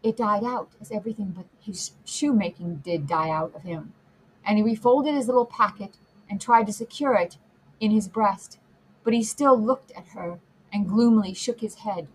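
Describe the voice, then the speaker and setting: A woman narrating a classic novel as an audiobook, reading in a measured, expressive way. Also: mid-range voice, a little hiss or hum, poor audio. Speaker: audiobook reader.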